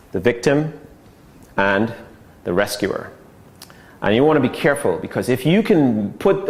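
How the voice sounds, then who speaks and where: A man teaching an online sales course in a casual, conversational way, often checking in with "okay" and acting out short quoted lines. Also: medium pitch. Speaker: sales trainer.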